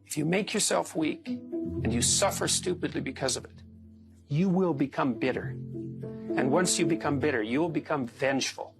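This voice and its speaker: A man's voice: fairly high pitch, moderate pace, gravelly. A man speaking in an emphatic lecturing manner, in a clip played with music underneath.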